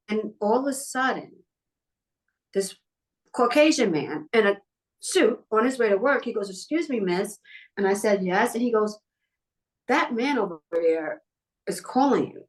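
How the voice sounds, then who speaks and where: A middle-aged woman from New York telling personal stories in a casual interview and acting out the people in them. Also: mid-range voice. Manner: animated, acts out the people in her stories. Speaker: guest, talent manager.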